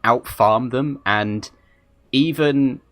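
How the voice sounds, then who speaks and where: A man's voice: medium pitch, very slow, a bit bright, no echo. A man doing live esports color commentary, conversational and analytical. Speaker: esports co-caster.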